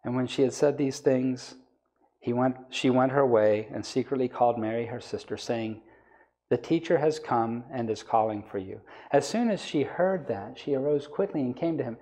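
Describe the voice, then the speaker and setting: Mellow-voiced male evangelist preaching. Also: medium pitch, moderate pace. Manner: reads scripture aloud, then explains it with rising emphasis. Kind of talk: sermon.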